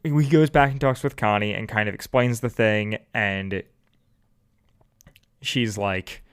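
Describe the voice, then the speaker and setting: A man's voice: on the low side, slow, clean tone. A man co-hosting a podcast in casual chat, recapping scenes and acting out lines. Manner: animated storyteller, recaps scenes and acts out lines. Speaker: podcast co-host.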